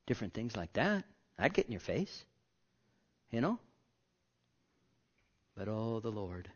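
A man preaching a sermon as pastor, impassioned, moving from loud outbursts to hushed whispers. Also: lowish voice, big pitch swings, measured pace, slightly rough, highs cut off.

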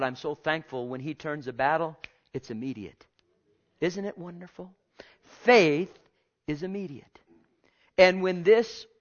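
A male pastor with a fairly high voice preaches a sermon, swinging between loud and hushed and repeating his phrases. He puts questions directly to the congregation, and the audio is dull.

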